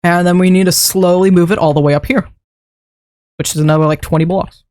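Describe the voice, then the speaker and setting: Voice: mid-range voice, steady tone, fairly quick, darkish tone, dry recording. Casting note: rambling game streamer, self-talk, easy chuckles, dry close sound. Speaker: streamer building a game base. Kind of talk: casual gameplay commentary.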